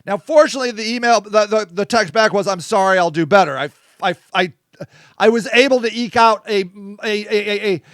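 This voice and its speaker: A man's voice: sits high, brisk, fairly bright tone, no echo, studio quality. A man hosting a casual live-stream monologue, blunt and swearing, often asking "okay?". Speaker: host.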